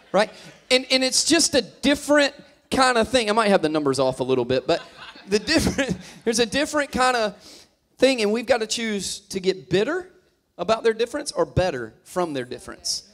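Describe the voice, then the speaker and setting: A man's voice: high voice, big pitch swings, normal speed, fairly bright tone. A man in his thirties, a pastor, preaching a humorous sermon and teasing the congregation as he tells stories. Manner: joking, teasing storyteller addressing the crowd.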